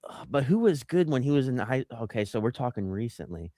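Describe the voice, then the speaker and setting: A man's voice: medium pitch, fairly quick, no echo, clean studio sound. A man co-hosting a casual sports podcast, chatting, joking and reading out viewer comments. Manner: animated, jokey, reads out live comments. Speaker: podcast co-host.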